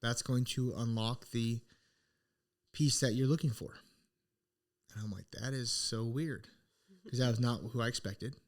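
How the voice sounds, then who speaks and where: A middle-aged man co-hosting a podcast speaks at normal speed in a steady, mid-range voice, pausing often. His personal story comes out earnest, relaxed and reflective, with many fresh starts.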